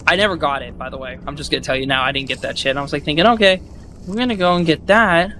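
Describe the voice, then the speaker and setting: A man casually recapping a game he played, rambling and swearing, acting out his own thoughts with loud outbursts, with loud music behind. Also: on the high side, racing, a little hiss or hum, rough recording. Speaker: gaming video host.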